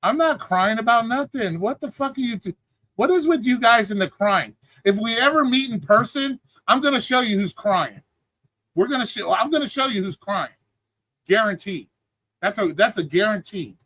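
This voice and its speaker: A man hosting a live stream pushes his point in a blunt, cursing, lecturing way. His voice sits high and bright. The sound is dry and close, with no room around it. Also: lively intonation, normal speed, no room sound. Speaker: streaming show host. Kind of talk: heated livestream argument.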